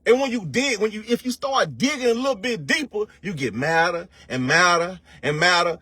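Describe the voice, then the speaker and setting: A man's voice: high voice, lively intonation, sharp tone, slightly rough. A man giving a casual, profane motivational rant, full of slang and rhetorical questions, stretching words for emphasis. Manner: preachy, drawn-out emphasis. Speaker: online commentator.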